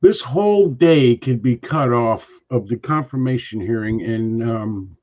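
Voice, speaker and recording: Throat-clearing man grumbling bluntly. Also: mid-range voice, a little slow. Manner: keeps clearing his throat and coughing. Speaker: podcast co-host. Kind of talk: casual political chat. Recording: dull lo-fi sound.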